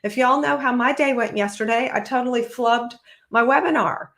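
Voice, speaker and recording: A woman in her forties with a slightly higher voice talks on a solo podcast. She is lively and expressive, and she slips into playful voices when she quotes children. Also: moderate pace. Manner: animated, acts out kids' voices. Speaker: podcast host. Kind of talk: solo podcast talk to parents.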